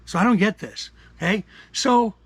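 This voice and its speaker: An older man from Canada delivers an angry opinion rant, raspy and gravelly with a fairly high-pitched voice. He swears freely and swings from low muttering to loud outbursts. The sound is dry and close. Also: normal speed, dry recording. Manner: profane, combative, jumps from mutters to shouts. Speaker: commentary vlogger.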